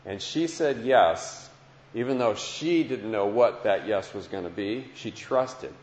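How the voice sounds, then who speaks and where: A man's voice: lowish voice, expressive, measured pace, a little mellow. A man preaching a heartfelt Christian sermon and testimony, earnest, often repeating phrases, to listeners in a large hall. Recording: dull lo-fi sound with long hall echo.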